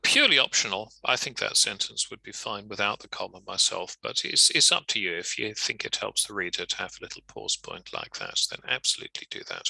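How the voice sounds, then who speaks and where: A man teaching grammar and punctuation in a relaxed lecture, with a chatty manner and casual asides. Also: lowish voice, brisk, creaky, few pauses, no room sound, poor audio. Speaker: legal writing trainer. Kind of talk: instructional lecture.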